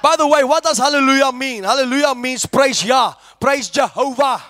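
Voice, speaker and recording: High-voiced shouting preacher. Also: male voice, moderate pace, no room sound. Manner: shouting, call-and-response preaching. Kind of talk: sermon.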